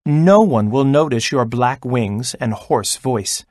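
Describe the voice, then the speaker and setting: A man voicing a kind owl in a children's storybook read-aloud, speaking gently and reassuringly. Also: medium pitch, slow, dry recording, clean studio sound, close to an everyday voice. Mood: gentle.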